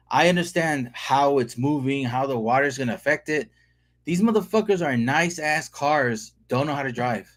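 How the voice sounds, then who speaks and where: A man's voice: a little high, fairly bright tone. A man from the Los Angeles area chatting casually on a livestream, telling rambling stories full of slang and swearing. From Los Angeles area, California. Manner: laid-back, profane, rambling with slang. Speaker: livestreamer reading comments. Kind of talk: casual livestream chat, storytelling.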